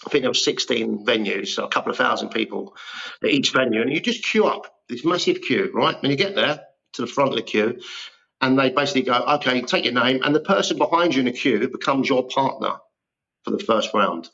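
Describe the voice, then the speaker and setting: A man's voice: medium pitch, expressive, brisk, creaky, pushed and bright, muffled recording. Chatty man in his fifties. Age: 50s. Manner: rambling self-deprecating storytelling. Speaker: guest actor. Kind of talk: casual interview chat.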